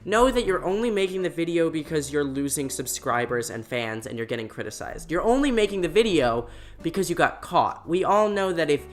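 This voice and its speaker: A young adult YouTuber giving sarcastic, mocking commentary with quick asides. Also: medium pitch, lively intonation.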